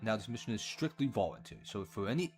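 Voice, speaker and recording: A performer voicing an earnest young prince who leads his troops with steady commands. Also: medium pitch, fast, over music, natural voice. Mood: commanding.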